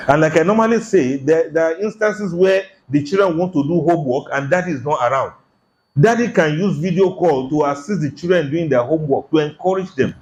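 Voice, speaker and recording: Animated preacher. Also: male voice, on the high side. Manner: animated, rhetorical questions, acts out quotes. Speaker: preacher giving Quran commentary. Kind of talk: Ramadan tafsir sermon.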